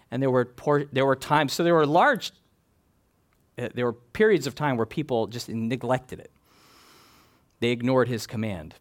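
A man preaching an expository sermon, reading scripture and building emphatic, animated lists. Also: medium pitch.

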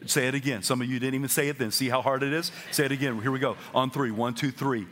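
A man preaching a sermon to his congregation, energetic and having them repeat phrases back to him, with stammered repeats and quick asides. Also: mid-range voice. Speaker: pastor. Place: church auditorium.

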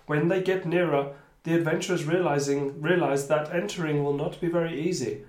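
A man's voice: fairly high pitch, steady tone, fairly quick, a little mellow. A man running a tabletop adventure as game master, reading the scenes aloud between sweary asides. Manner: reads narration, then breaks off for sweary asides. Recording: echoey room.

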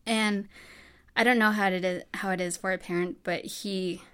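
A woman's voice: mid-range voice, steady tone, moderate pace, a bit bright, smooth. A woman from New Mexico telling her own story in a casual, chatty way, full of fillers and acted-out dialogue. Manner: chatty, many fillers, acts out quoted dialogue.

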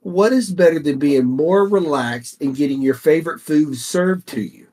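A man's voice: on the high side, normal speed, darkish tone. A man co-hosting a casual podcast chat, easygoing and rambling as he explains things. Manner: easygoing, rambling, restarts mid-thought. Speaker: podcast co-host.

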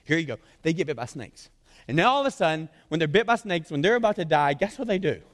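A man preaching as a pastor, telling the story with animated energy and tossing in frequent "right?" asides. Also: fairly high pitch, quick pace, big-room sound. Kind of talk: sermon.

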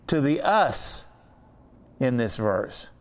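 A man teaching a Bible study lesson in an earnest way, slowing down to stress key words. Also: medium pitch, big pitch swings, long reverb tail.

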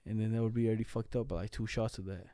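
A man's voice: on the low side, fairly even intonation, racing, warm tone, no room sound, studio quality. A young man telling stories in casual chat, slangy, laughing as he goes and swearing a lot.

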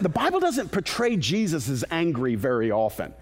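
A man's voice: fairly high pitch, huge pitch swings, normal speed, big-room sound. A male pastor preaching a sermon in a conversational, emphatic way, with asides to the congregation.

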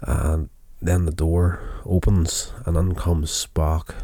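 A man's voice: low-pitched, level tone, slow pace, gravelly, warm tone, dry recording. A tired man casually recapping a television episode, rambling with many fillers and restarts. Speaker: show recapper.

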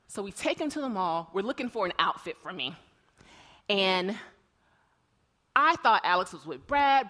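A woman preacher giving an emotional sermon, telling stories and often repeating words as she swings between hushed and loud. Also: medium pitch.

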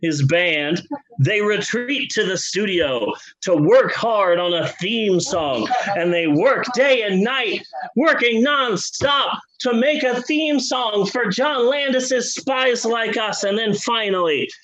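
A man co-hosting a podcast, telling a comedic story in a rambling, profane, animated way. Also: high voice, slow pace, poor audio. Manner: rambling, animated, profane, drops into character voices. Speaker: podcast co-host.

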